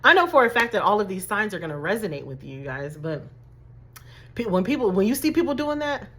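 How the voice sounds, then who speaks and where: Chatty animated woman life coach. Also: medium pitch, brisk. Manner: animated, chatty, addresses viewers as y'all and baby. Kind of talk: motivational talk to camera.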